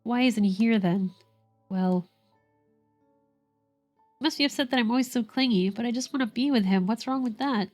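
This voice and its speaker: A woman's voice: a little high, moderate pace, long pauses, a little mellow, soft background music, close to an everyday voice. Woman reading as a clingy stubborn little girl. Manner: reads lines aloud in her own voice.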